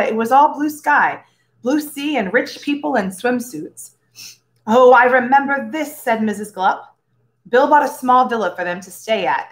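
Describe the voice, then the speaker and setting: A woman reading a story aloud to schoolchildren, expressive and ready with character voices. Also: fairly high pitch.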